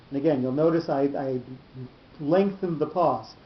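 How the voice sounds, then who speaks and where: A man teaching a Torah study class, explaining slowly and often repeating his words. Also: fairly high pitch. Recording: roomy lo-fi class recording.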